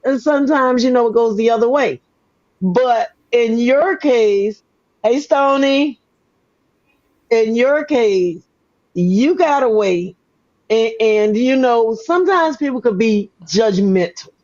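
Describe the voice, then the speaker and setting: A woman's voice: fairly high pitch, slow, darkish tone, dull audio. Older Southern woman with Gullah Geechee traces. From Gullah Geechee region, US South. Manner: folksy storytelling, repeats words. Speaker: host. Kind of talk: casual interview chat.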